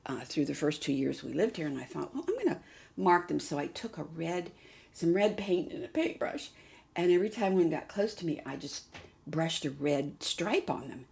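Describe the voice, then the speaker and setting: A woman hosting a doll vlog in casual chat, cooing softly to a doll and often dropping to a half-whisper. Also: low voice, expressive, normal speed, creaky. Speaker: doll collector and channel host.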